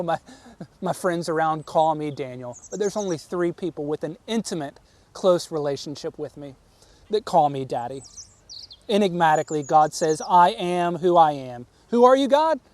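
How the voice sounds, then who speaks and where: A man preaching a sermon, earnest and emphatic, often repeating words as he presses a point. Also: on the high side. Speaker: pastor.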